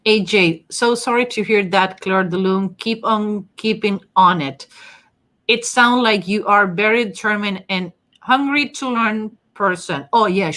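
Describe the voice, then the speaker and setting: A woman's voice: mid-range voice, fairly bright tone. A woman with a strong non-native accent hosts a casual live session. She chats loosely, reads out viewer comments and answers them as she goes. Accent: non-native English. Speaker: host and face-reading teacher. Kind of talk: casual live-stream talk.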